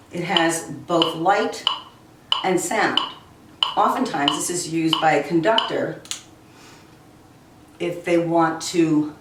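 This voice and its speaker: Woman, music teacher, slow and deliberate, very echoey room. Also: low voice, recorded from a distance, a little hiss or hum. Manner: slow, deliberate explaining, counting beats aloud. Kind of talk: recorded classroom lesson. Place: room with a piano. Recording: very echoey room, voice away from mic.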